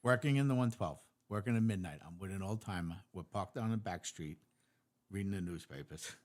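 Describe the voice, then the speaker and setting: A man hosting a relaxed conversation, a former officer himself. He speaks in a somewhat low voice and tells his own stories with easy chuckles. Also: a little fast. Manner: relaxed storyteller, chuckles through his anecdotes. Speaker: podcast host, former police officer. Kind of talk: casual interview chat.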